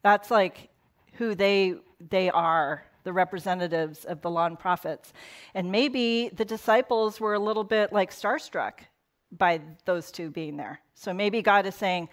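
A middle-aged woman pastor preaches in a loose, talky way, trailing off into asides and chuckles. Her pitch sits in the middle for a woman. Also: a little slow. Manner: conversational, laughing asides, quotes in put-on voices. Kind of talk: casual sermon.

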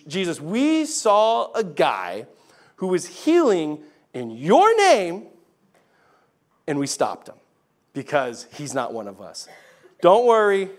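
A man acting out a disciple who casually deflects blame onto someone else. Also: a little high. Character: defensive disciple, adult man, self-justifying.

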